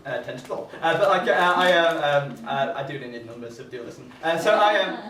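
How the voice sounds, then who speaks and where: A man's voice: fairly high pitch, expressive, a little fast, fairly bright tone, reverberant, far from the mic, slight background noise. A young man doing stand-up in front of an audience, hesitant, with lots of fillers and restarts, laughing often. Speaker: stand-up comedian. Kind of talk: stand-up comedy set. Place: comedy venue with live audience.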